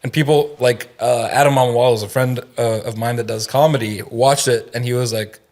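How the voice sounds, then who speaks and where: A man's voice: mid-range voice, steady tone, a little fast, a little mellow. A man who grew up in the Middle East, with Tamil as a first language, hosting a casual comedy chat in a laid-back, joking way. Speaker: comedian podcast host.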